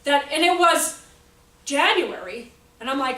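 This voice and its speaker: Animated woman speaking in an echoey hall. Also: sits high, a little fast. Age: 40s. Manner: animated, jokey, acts out quotes. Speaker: speaker on child behavior. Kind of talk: talk to an audience. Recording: echoey hall, voice from far off, faint noise.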